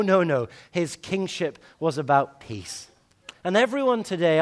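A man preaching a sermon in a fairly high voice. He swings from loud, emphatic lines to slow, hushed ones.

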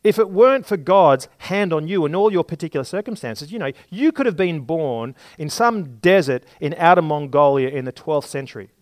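Male preacher, slightly higher voice, dry close mic, sermon with homely examples. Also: animated, normal speed, hardly any pauses, no room sound. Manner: explains scripture with everyday examples, some restarts.

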